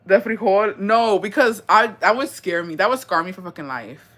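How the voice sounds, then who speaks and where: A woman's voice: mid-range voice, moderate pace. Young woman swearing and chatting animatedly. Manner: animated, swears a lot, mixes in Spanish words; bursts of laughter and dramatic reactions. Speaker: host reading viewer stories. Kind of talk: casual chat.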